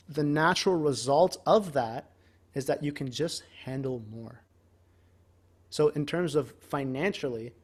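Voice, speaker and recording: A man's voice: mid-range voice, darkish tone. Rambling casual male podcast host. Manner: rambling, emphatic, swears casually.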